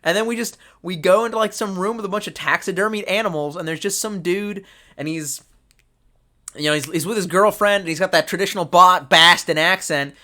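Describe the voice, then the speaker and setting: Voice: medium pitch, brisk, pushed and bright. A tipsy livestream host rambling casually from a desk at home, loose and heavy on swearing. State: tipsy from drinking. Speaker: livestream host reading chat. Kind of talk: casual rambling live chat.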